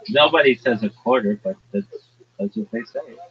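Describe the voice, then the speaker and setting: A man's voice: fairly high pitch, normal speed, vocal fry. A man hosting a livestream, chatting casually and telling rambling stories. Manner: rambling, animated storytelling. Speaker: livestream host. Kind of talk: casual chat. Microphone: livestream call audio. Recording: dull lo-fi livestream audio.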